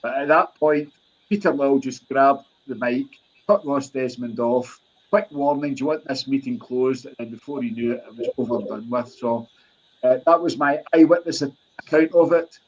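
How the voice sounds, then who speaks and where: A man giving a brisk, eyewitness-style recap as a podcast co-host, with a few restarts. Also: medium pitch, rough recording.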